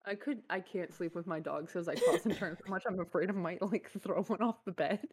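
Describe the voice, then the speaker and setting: Blunt, swearing woman with a low voice. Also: fairly quick, a little mellow, slightly rough, dry recording. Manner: blunt, profane, joking. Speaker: podcast co-host. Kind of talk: casual chat.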